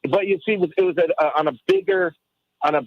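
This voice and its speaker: A man in his fifties on a radio talk show, telling a memory with halting, restarting speech. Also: on the high side, no room sound. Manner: halting, restarts often, grows excited. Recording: dull dry radio line.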